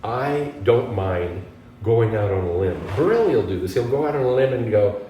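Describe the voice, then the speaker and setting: A man from the United States, a guest guitarist, telling animated stories in an interview and acting out the voices of people he quotes. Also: lowish voice, normal speed. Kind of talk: storytelling interview. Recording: echoey room from a distance, faint background noise.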